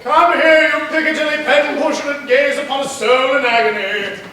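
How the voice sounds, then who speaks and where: A man's voice: extremely high pitch, sing-song, normal speed, pushed and bright, exaggerated voice. A man acting a cranky, domineering celebrity critic in a live stage play, bossy and imperious. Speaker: stage actor. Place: theater stage. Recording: distant, echoey and noisy theater recording.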